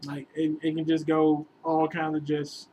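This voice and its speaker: A man telling a long, rambling relationship story in a casual vlog, animated and sometimes bursting into exasperated outbursts. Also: on the high side, unhurried, a little hiss or hum, rough recording. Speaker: vlogger giving relationship advice.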